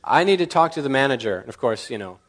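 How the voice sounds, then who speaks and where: Man, pastor, sermon, mid-range voice, animated storyteller, acts out dialogue, laughs at own jokes. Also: medium pitch, fast talker. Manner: laughs at his own stories.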